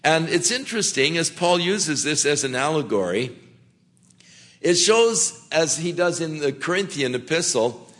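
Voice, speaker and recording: A man preaching a sermon in a slow, gentle way, with frequent small restarts. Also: on the high side, animated. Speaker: pastor.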